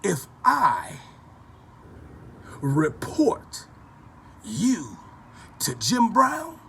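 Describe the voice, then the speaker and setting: A man delivering a loud, rambling, profane rant to camera in a preachy tone, repeating himself as he goes. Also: high voice, huge pitch swings, drawn-out words, gravelly, a little hiss or hum. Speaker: vlogger.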